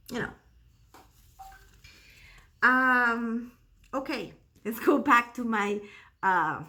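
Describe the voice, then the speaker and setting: Bright, chatty woman. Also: fairly high pitch. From Costa Rica. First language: Spanish. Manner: chatty and enthusiastic, non-native phrasing. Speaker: cross-stitch vlogger. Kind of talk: casual show-and-tell chat.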